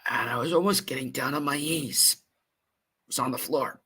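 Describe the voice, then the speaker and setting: Earnest husky man telling a painful story. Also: medium pitch, bright, forceful tone. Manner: earnest, emotional, halting with fillers. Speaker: podcast host. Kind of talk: personal storytelling monologue.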